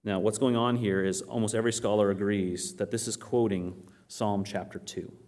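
A man's voice: fairly low pitch, moderate pace. A man preaching a Bible teaching, who asks his listeners questions and answers them himself, and reads scripture aloud. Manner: animated storytelling, quotes scripture aloud. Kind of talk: sermon.

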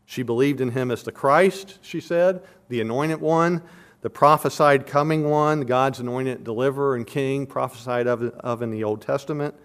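A man's voice: medium pitch, moderate pace, smooth. A man giving an expository sermon, earnest and emphatic, repeating his questions for stress and explaining verses and verb tenses like a teacher. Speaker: preacher.

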